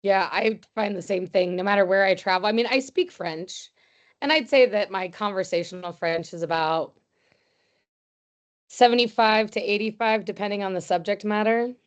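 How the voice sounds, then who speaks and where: A woman speaks up during class in an easy, conversational way, her pitch sitting in the middle of the range. She hedges with likes and you-knows as she shares a thought. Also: moderate pace. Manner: conversational, backchannels often. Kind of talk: casual classroom chat.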